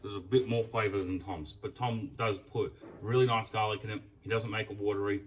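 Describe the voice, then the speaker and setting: With a fairly low, steady voice, a man talks a little fast and barely pauses, eating as he rambles about food and swears freely in casual mealtime chat. The food vlogger's audio is poor, with a distant mic and a bit of hiss or hum.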